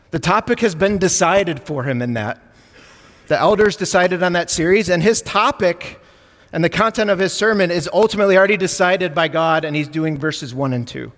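A man with a Midwestern Chicago accent preaches a sermon, keeping it conversational and joking with his congregation. His voice sits a little high for a man. The sound rings out with the long reverb of a church sanctuary. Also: fairly bright tone. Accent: Midwestern American, Chicago area. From United States.

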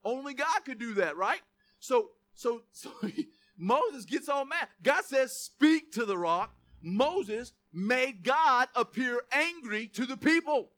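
High-voiced, bright animated preacher. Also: male voice, slow pace. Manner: animated, jokey asides, reads scripture aloud; shouts quoted lines. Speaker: pastor. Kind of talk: sermon.

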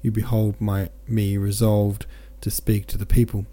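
A man's voice: fairly low pitch, monotone, a little slow, warm tone. A man voicing a wizened old broker who speaks in a theatrical, grandiose way in an audiobook reading.

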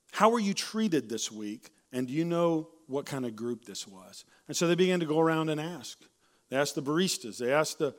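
A pastor with a fairly high voice preaches in a casual, conversational style, often tacking "right?" onto his points and restarting sentences. He's a little hoarse, clears his throat, and seems to be using a handheld or stage mic.

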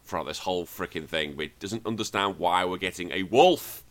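A podcast host with a low, forceful voice, walking through a film scene by scene. He swears freely and gets animated as he recaps in loose, casual chat. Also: fairly quick. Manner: profane, animated scene-by-scene retelling. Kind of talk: casual movie review chat.

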